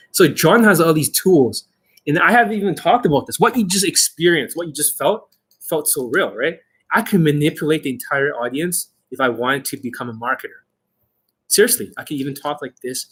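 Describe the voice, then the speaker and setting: A man's voice: fairly high pitch, lively intonation, fairly quick, fairly bright tone, husky. A man working as a dating coach, talking to the camera in a boastful way and swearing a lot. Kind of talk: profane talk to camera.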